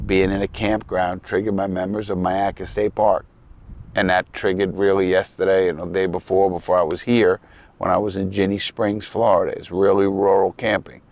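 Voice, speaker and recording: In a dry, lo-fi recording, a man with a low-pitched, creaky, slightly mellow voice speaks to the camera at a lakeside campground. This ex-criminal vlogger from New York City has a New York accent and talks bluntly, profanely, earnestly, and at rambling length.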